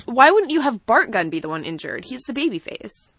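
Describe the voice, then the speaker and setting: A woman co-hosting a podcast in casual chat, animated and laughing often as she acts out quotes. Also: fairly high pitch, brisk. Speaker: podcast co-host. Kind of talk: casual chat about wrestling.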